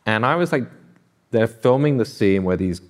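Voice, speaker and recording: A man on a festival panel, telling anecdotes in a chatty, animated way and acting out what people said. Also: mid-range voice, normal speed. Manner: animated storyteller, lots of "I was like" quotes. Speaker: author on a panel.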